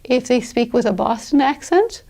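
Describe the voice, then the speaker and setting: A woman gives an online pronunciation lesson in a somewhat high voice with a gravelly edge. She explains things deliberately and now and then fills a pause. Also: expressive, dark tone. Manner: deliberate, explanatory, with occasional fillers. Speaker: pronunciation teacher.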